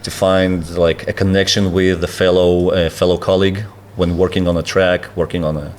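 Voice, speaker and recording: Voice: deep voice, level tone, moderate pace, a little hiss or hum. A podcast host interviewing a guest in casual chat, giving lots of encouraging murmurs and dropping playful quips.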